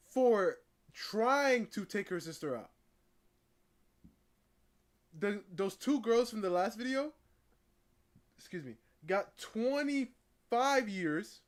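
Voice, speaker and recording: A co-host chatting casually, speaking hesitantly with many fillers. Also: mid-range voice. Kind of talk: casual chat.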